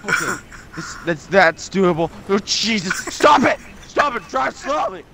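A young man screaming, swearing and pleading in panic while a friend plays a video game, his voice going hoarse. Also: sits high, lively intonation, a little slow, bright, forceful tone, a little hiss or hum. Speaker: gaming friend. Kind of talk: panicked gameplay chat.

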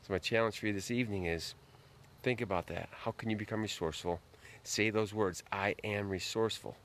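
A man's voice: low-pitched, a bit bright, slight background noise. A man hosting a late-night live stream outdoors, greeting viewers by name and giving a folksy, earnest motivational talk.

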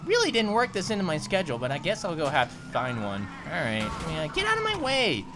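A woman hosting a let's play, giggly and playful, often shouting at the game. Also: low voice, wildly swooping pitch, brisk, over loud music. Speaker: gaming host.

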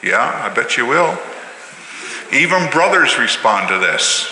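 A man, a pastor with a Canadian Maritime accent, giving an all-ages talk and gently questioning the congregation. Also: medium pitch, sing-song, unhurried. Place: large church sanctuary. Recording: echoey church hall, faint room noise.

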